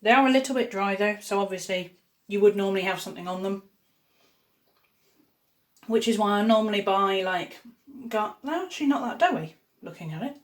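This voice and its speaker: A woman's voice: mid-range voice, expressive, fairly quick, pauses often. A woman chatting upbeat while cooking in her home kitchen for a casual vlog. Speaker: YouTuber baking at home.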